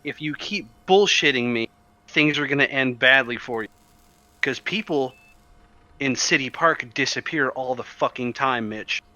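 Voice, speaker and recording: A man voicing a grieving, menacing interrogator who threatens in a low, quiet voice. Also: unhurried, no echo, muffled recording.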